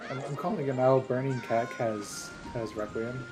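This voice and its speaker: A man casually commentating a speedrun race, excitable and quick to cheer. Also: mid-range voice, music in the background. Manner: excitable, cheering, laughs often.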